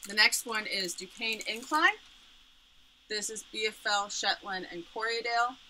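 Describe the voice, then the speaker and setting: Woman showing off her yarn stuff, lots of ums, super bright voice, bit of ambient noise. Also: mid-range voice, moderate pace, low-quality recording. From Pittsburgh area. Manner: explanatory, with frequent ums. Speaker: yarn business owner presenting products. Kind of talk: product presentation. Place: home studio, indoors.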